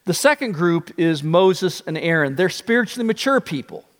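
Animated preacher in an echoing church. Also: male voice, sits high, moderate pace. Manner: animated storytelling, shifting pace. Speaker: pastor. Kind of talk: sermon.

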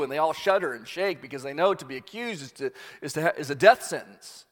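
A preacher retells a story with lively, dramatic delivery, in a voice a little higher than average for a man. His words carry a long reverb from a large hall. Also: fast talker. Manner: animated storyteller, acts out scenes. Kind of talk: sermon storytelling.

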